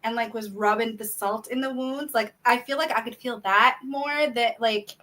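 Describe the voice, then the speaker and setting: A woman co-hosting a podcast in casual chat, chatty and quick to laugh. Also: fairly high pitch, fairly even intonation, sharp tone, rough recording. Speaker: podcast co-host.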